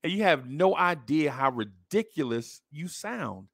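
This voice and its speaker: Blunt, bright-voiced man ranting. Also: a little high, measured pace, creaky, dry recording. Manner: blunt, mocking, animated with slang. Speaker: podcast host. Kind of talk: opinion rant to camera.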